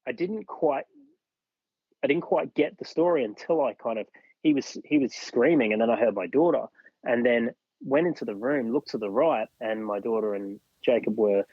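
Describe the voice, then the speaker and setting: The recording is lo-fi with no room sound, carrying a mid-range, slightly rough male voice. He's an Australian podcast guest sharing a personal story and performing the words of others in it.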